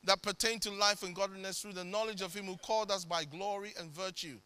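A male preacher with a high, piercing, very bright voice, recorded dry and close. He delivers a sermon with dramatic swings that break into sudden loud bursts. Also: fairly even intonation, brisk, few pauses, clear, resonant tone, no echo.

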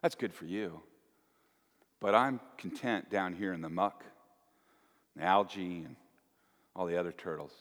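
A man voicing a group of content, stubborn turtles who refuse to leave their pond, in a soft, low, lazy tone. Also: unhurried, pauses often, in a large hall. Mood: dismissive.

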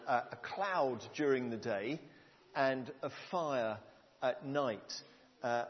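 A man preaching a sermon to a congregation, earnest and conversational, asking the room questions. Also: fairly high pitch. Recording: long hall reverb, dull lo-fi sound.

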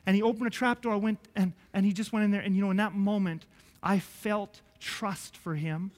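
A man preaching a sermon as pastor, telling a personal story with sudden swings from hushed to loud. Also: sits high, quick pace. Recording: church hall reverb.

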